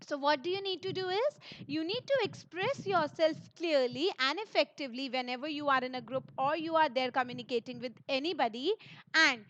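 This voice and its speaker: High-voiced upbeat teacher woman. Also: a little fast, fairly bright tone. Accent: Indian English. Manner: upbeat, encouraging, addresses students directly. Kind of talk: online lesson for students. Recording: dull lo-fi recording.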